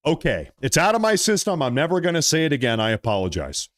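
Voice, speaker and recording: A man hosting a political commentary vlog, talking in a mocking, animated way and drawing out his emphasis. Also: a little high, a little fast, hardly any pauses.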